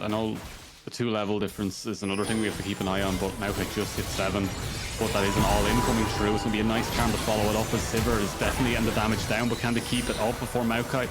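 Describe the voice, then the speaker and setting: Male esports caster, low voice, quick play-by-play, music bed underneath. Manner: fast play-by-play with rambling asides. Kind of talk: live esports commentary.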